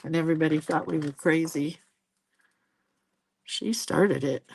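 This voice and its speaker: A woman's voice: deep voice, fairly even intonation, a little slow, vocal fry, darkish tone, a little hiss or hum. A woman in her sixties hosting a live drawing stream, chatting casually as she paints. She laughs often and jumps between stories and viewer comments.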